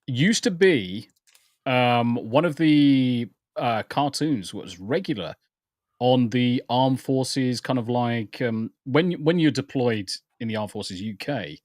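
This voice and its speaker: A man's voice: mid-range voice, expressive, slow, a little mellow, dry recording, studio quality. A British man chatting casually as a guest from a small spare bedroom, rambling and laughing often. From England. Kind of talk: casual chat. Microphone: home computer setup.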